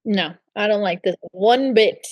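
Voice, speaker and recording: A woman's voice: mid-range voice, a little slow, no echo, lo-fi sound. A young woman co-hosting a podcast in casual chat, emphatic and agreeing, filling her talk with "like". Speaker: podcast co-host.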